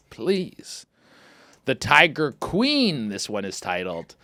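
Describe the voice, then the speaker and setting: A man hosts a comedy podcast with a bright, sharp tone and a lively voice that jumps all over. His talk is excitable and profane, in quick riffs close to a dry mic. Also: medium pitch, no echo. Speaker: podcast host. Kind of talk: casual comedic commentary.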